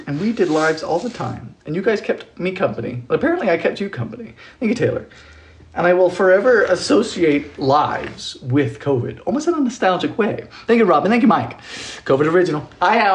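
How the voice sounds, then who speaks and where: Young male cooking streamer, playful and chatty, pitch jumping all over, home kitchen. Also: slight background noise. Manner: animated, playful, thanks viewers often. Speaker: cooking livestream host. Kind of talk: chatty live cooking stream, reading viewer comments.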